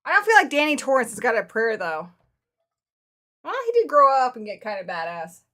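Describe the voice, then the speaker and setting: A woman's voice: a little high, very animated, a little fast, a bit bright. A woman hosting a livestream in a casual, chatty way, talking straight to her viewers and laughing easily. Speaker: livestream host. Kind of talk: casual live chat.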